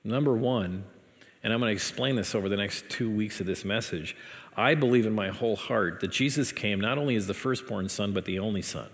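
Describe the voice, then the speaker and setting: Gravelly-voiced pastor preaching in a reverberant church. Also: male voice, on the low side, brisk. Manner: dramatic reading, animated asides with laughs. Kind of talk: sermon with scripture reading. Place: church sanctuary. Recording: church hall with long reverb.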